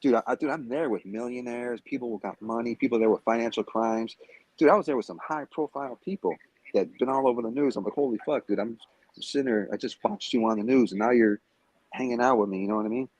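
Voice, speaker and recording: A man calls into a livestream remotely from Las Vegas as a guest, ranting heatedly while he taunts and curses at a rival, profane and confrontational. His voice is medium-pitched and darkish, and he talks quickly. The recording is dry and rough.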